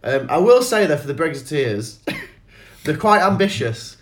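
Animated man telling stories. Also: a little high, a little slow. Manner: animated storyteller, swears freely, acts out voices. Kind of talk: casual storytelling chat.

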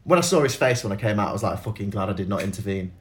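A man telling stories in a casual chat, animated, swearing freely and acting out other people's voices. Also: on the low side, racing.

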